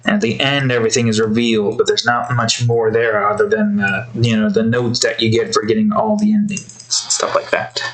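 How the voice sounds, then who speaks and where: A man's voice: mid-range voice, expressive, brisk, hardly any pauses, fairly bright tone, poor audio. A man thinking aloud while he draws, rambling with fillers and talking to his cat between remarks. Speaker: artist drawing on stream. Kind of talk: casual commentary while drawing.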